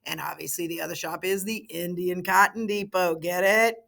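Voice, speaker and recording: A woman's voice: lowish voice, steady tone, normal speed, creaky, a bit bright. Woman teacher talking through a recorded history lesson, chatty, throws in asides like she's talking to the class. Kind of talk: recorded online lecture.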